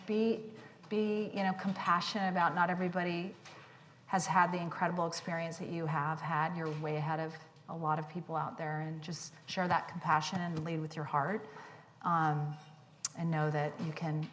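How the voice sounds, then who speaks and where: A woman guest speaker talking onstage to students, candid and animated, poking fun at herself. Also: sits low. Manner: candid, animated, self-deprecating. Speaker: guest speaker, company CEO. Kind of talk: onstage conversation. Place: lecture hall with audience. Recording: long hall reverb, faint noise.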